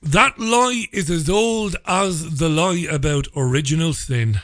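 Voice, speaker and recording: A man's voice: fairly high pitch, measured pace, few pauses, a bit bright, no echo, studio quality. A man hosting a radio talk show, delivering an opinionated, sarcastic and profane monologue. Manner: sarcastic, profane, ranting with mocking laughter.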